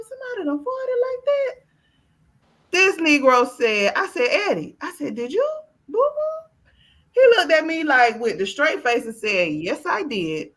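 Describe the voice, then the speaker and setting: A woman hosting a casual podcast chat, her voice bright and forward. She tells stories bluntly and swears freely, acts out the people she quotes, and laughs often. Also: medium pitch. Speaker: podcast host.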